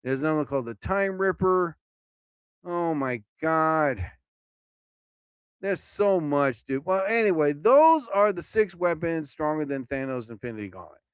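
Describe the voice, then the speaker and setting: A man hosting a live stream who reads a list aloud and keeps breaking off with jokey, excitable remarks, often stumbling over his words. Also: a little high, unhurried, clear, resonant tone, dry recording, clean studio sound. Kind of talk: casual live-stream reading and commentary.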